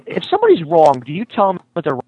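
A man's voice: on the high side, wildly swooping pitch, quick pace, slightly rough, dull audio. A man co-hosting a radio talk show, telling a story earnestly and stumbling over his words, repeating himself often. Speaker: radio co-host. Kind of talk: casual call-in radio chat.

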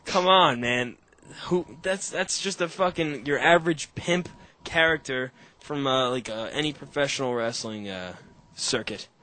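A young man hosting a podcast on a call, telling animated, profane stories in casual chat. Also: mid-range voice, measured pace. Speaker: podcast host.

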